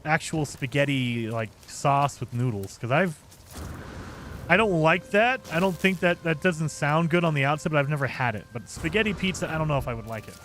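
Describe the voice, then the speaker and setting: Streamer guy, casual and chatty with his chat, fairly high voice, faint hum underneath. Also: moderate pace, fairly bright tone. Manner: chatty, reacts to viewer comments, frequent fillers. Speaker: gaming streamer.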